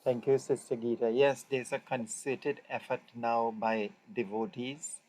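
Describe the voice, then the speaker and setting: A man's voice: mid-range voice, steady tone, a little slow, darkish tone, poor audio. A man hosting a devotional interview, formal and earnest in his praise. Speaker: host.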